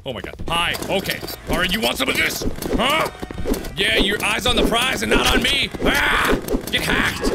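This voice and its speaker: Excitable man with lively pitch. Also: normal speed, gravelly. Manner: excitable, swearing, bursts of laughter. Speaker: gaming video host. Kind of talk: let's play commentary. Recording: game music behind.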